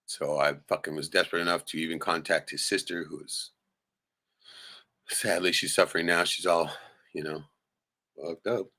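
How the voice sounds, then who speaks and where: A man's voice: low voice, steady tone, moderate pace, long pauses, pushed and bright. A man hosting a livestream, venting in a profane, rambling, heated way and tossing in "right?" constantly. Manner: peppers speech with "right?". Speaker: livestream host. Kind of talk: casual livestream rant.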